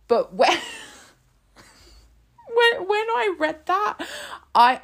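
A woman's voice: a little high, fairly bright tone. A woman hosting a political podcast in casual, sarcastic commentary, swearing freely and laughing at her own tangents.

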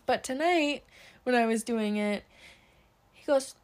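A woman's voice: fairly high pitch, unhurried, pauses often. A young woman hosting a casual solo podcast, chatting upbeat about her day with a lot of fillers. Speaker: podcast host.

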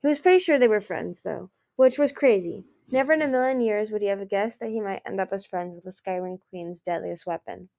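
A woman's voice: gravelly, a little mellow. A woman reading a novel chapter aloud, lifting her voice for the characters' lines. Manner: reads briskly, raising pitch and volume for dialogue. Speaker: fan reader of a novel.

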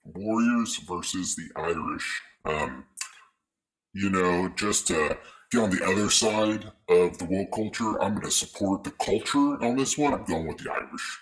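A man's voice: deep voice, animated, a little slow. A man cohosting a casual sports podcast, wry and jokey in his picks. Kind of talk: casual chat.

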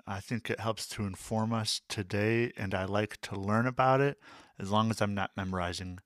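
A man's voice: fairly low pitch, fairly even intonation, normal speed, dry recording, clean studio sound. A man co-hosting a music teaching podcast, friendly and easygoing, laughing readily. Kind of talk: casual educational podcast chat.

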